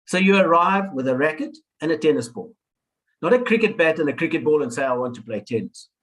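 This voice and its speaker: A man's voice: fairly high pitch, lively intonation, brisk, a bit bright, rough recording. A man in his sixties giving an orientation talk to new students in a webinar, emphatic and repeating key advice. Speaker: lecturer. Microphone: webinar computer mic.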